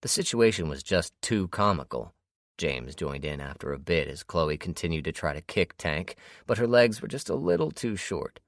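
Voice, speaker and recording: A man narrating an audiobook in a steady storytelling manner. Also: low-pitched, moderate pace, no echo, clean studio sound. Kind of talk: scripted narration.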